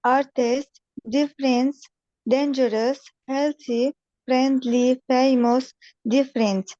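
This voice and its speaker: A female student in an online class reading a word list aloud slowly, word by word. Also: high-pitched, fairly even intonation, warm tone, dry recording, lo-fi sound. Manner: careful, slow word-by-word reading.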